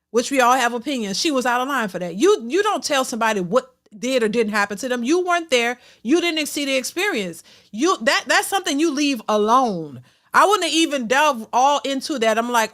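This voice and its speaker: High-voiced woman giving opinionated reaction commentary. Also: a bit bright. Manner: opinionated, frequent restarts and stammers. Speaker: reaction channel host.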